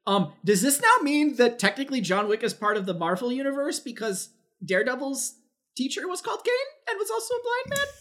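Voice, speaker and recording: A man co-hosting a film podcast, chatting casually in an excitable way, swearing freely and stammering. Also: extremely high pitch, fairly quick. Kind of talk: casual film review chat.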